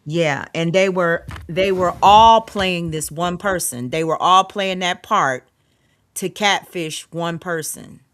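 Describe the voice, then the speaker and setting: A man in casual conversation who speaks slowly and evenly as he corrects the host. His voice sits a bit high for a man and sounds slightly off the mic. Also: a bit bright. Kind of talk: casual chat.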